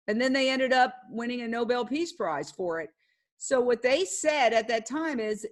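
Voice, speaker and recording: A woman's voice: fairly high pitch, moderate pace. A woman journalist telling a story in a passionate, emphatic way during a casual live talk. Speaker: guest speaker, journalist.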